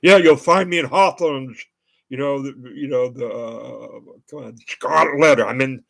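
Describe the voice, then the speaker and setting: A man's voice: mid-range voice, moderate pace, gravelly, a bit bright. An older American man hosting his own show, talking in a rambling monologue full of fillers and restarts. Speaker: show host.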